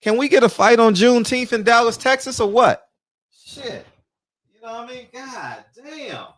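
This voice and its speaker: A man's voice: extremely high pitch, animated, moderate pace, fairly bright tone, no echo, clean studio sound. A man hosting a casual livestream, greeting viewers by name and ranting loosely with plenty of swearing. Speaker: livestream host. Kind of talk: casual chat.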